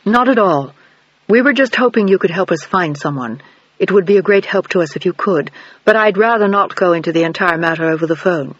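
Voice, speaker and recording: A man's voice: sits high, animated, a little fast, fairly bright tone, no room sound, lo-fi sound. A man playing a polite, formal investigator. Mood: courteous. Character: polite middle-aged man investigator, measured and courteous.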